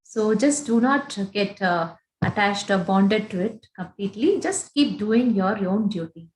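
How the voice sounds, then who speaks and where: A woman answers a participant's question in a gentle, reassuring way. Her voice has a middle pitch and comes over a video call with a roomy, echoing sound. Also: lively intonation, measured pace, a little hiss or hum. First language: Tamil. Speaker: meditation class guide.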